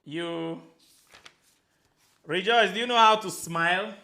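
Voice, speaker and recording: A Nigerian man talks through a motivational business Q&A, animated and playful, slipping into Pidgin and acting out little scenes. His voice sits fairly high for a man. The sound bounces around an echoey room. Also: slow pace. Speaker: real estate coach answering questions. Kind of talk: motivational Q&A talk.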